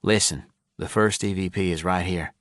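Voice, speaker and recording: A man's voice: deep voice, fairly even intonation, moderate pace, fairly bright tone, dry recording, studio quality. Man voicing an uneasy ghost-hunter. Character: anxious male paranormal investigator.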